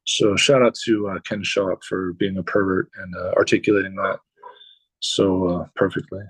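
A man with a low voice telling old tour stories in a casual, rambling way, swearing freely and leaning on fillers. The sound is dry and close, with no room around it. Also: flat delivery, moderate pace, no echo, low-quality recording. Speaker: musician guest. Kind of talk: casual storytelling.

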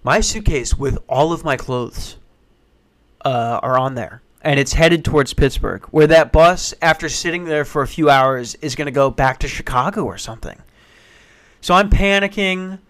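A man telling a funny personal story in casual, profane, animated style. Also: a little high. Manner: profane, animated, acts out voices, rushes when excited.

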